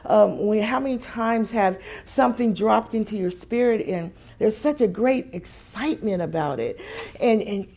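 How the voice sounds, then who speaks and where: A woman preaches a sermon at medium pitch and normal speed. At times she muses quietly, at others she builds to emphatic, repeated phrases.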